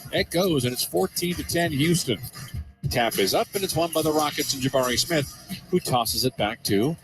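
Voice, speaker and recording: A man calling live basketball play-by-play, getting excited on big plays. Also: fairly high pitch, moderate pace, soft background music. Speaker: play-by-play commentator.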